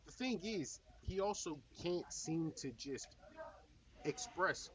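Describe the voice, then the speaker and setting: A man's voice: fairly high pitch, expressive, slow, far from the mic, slight background noise, low-quality recording. A man hosting a reaction video, talking bluntly and heatedly with lots of swearing. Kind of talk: casual reaction commentary.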